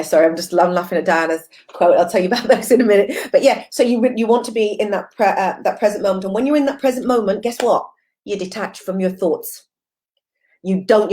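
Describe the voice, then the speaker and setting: A mindfulness coach with a medium-pitched, darkish female voice gives an encouraging live-stream talk. Reading viewer comments conversationally, she repeats phrases and uses lots of fillers.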